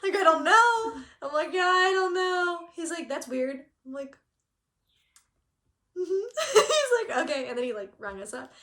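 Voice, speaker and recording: A woman's voice: very high-pitched, sing-song, a little slow, fairly bright tone. A woman from Southern California co-hosting a cross-stitch channel, telling a story in casual chat and acting out quotes with laughter. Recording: echoey room.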